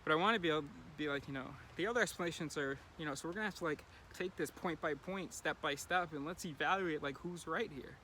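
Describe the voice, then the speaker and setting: Male vlogger, casual musing delivery, bright tone, light street noise. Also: a little high, fast talker, hardly any pauses. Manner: rambling, thinking aloud with many fillers. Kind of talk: casual daily video diary.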